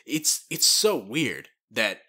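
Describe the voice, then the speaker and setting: Bright, lively-voiced podcast co-host man. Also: mid-range voice, takes it slowly. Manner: relaxed banter, profane. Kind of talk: casual chat. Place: living room. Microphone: studio mic at a table.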